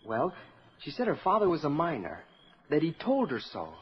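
A man's voice: on the high side, wildly swooping pitch, moderate pace, breathy edge, full character voice. An actor playing a polite, earnest teenage boy who speaks eagerly and respectfully, in 1940s radio acting. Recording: dull old radio broadcast.

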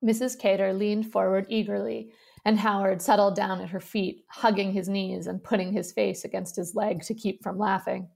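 A woman reading a short story aloud in measured, even narration. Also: medium pitch, vocal fry. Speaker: reader. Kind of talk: literary reading.

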